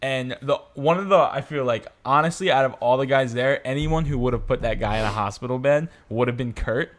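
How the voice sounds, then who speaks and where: A man's voice: medium pitch, brisk. A young man co-hosting a podcast, telling stories in casual chat and acting out the people he quotes. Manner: lively, acts out quotes loudly. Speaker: podcast co-host.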